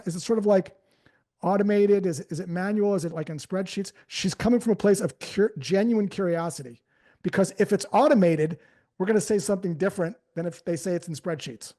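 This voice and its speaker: A high-pitched sales trainer coaches a sales team live on stage before an audience. He's energetic and conversational, acting out phrasings as he goes.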